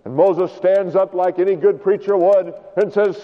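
A man preaching a sermon as pastor, animated, his voice climbing high and then falling to a hush. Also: normal speed. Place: church. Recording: dull recording with long hall reverb.

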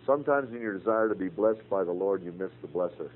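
A man's voice: low voice, fast talker. An older man teaching a Bible class, earnest and folksy, telling personal stories between scripture quotes. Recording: tinny phone-like radio broadcast with faint hum.

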